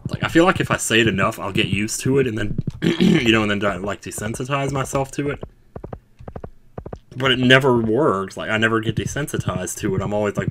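A man's voice: lowish voice, a little fast, background noise. A man giving casual gameplay commentary, rambling through musing asides. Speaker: let's play gamer. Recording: clear game music underneath. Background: game music.

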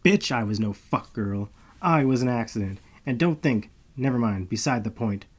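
A man voicing a foul-mouthed, hot-tempered young female vampire who snaps and curses loudly. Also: medium pitch, lively intonation, normal speed, breathy edge. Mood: irritated. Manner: snappy, cursing, loud outbursts.

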